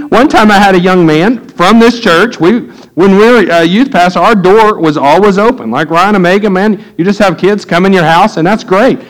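A middle-aged man preaching a sermon, telling folksy stories and getting animated when he quotes people. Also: high-pitched, moderate pace, few pauses, rough recording. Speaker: pastor. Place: church.

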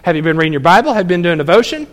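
High-voiced man preaching in a hall. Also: rapid-fire. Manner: animated preaching, quoting people in asides. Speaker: pastor. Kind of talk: sermon.

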